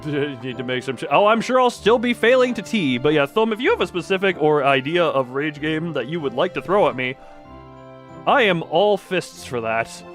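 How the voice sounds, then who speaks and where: A man streaming live, chatting casually while gaming, excitable and rambling with mild swearing and frequent laughs. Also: a little high, normal speed, soft background music.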